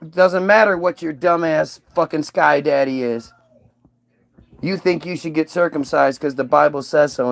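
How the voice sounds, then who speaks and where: A man's voice: on the high side, creaky, no echo. A man talking in a heated, profane, unscripted monologue, stumbling and restarting his sentences as he goes. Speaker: vlogger.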